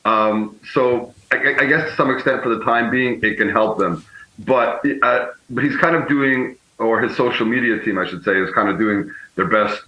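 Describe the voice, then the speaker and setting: A man speaking as a political strategist guest, measured and often correcting himself mid-sentence. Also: mid-range voice, pushed and bright. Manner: measured, frequently self-correcting. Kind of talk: remote guest commentary. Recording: echoey, muffled remote feed.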